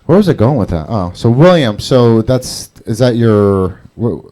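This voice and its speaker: A man's voice: mid-range voice, animated, unhurried, warm tone. A man doing open mic stand-up, rambling and profane, laughing at his own jokes. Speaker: stand-up comedian. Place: comedy club stage.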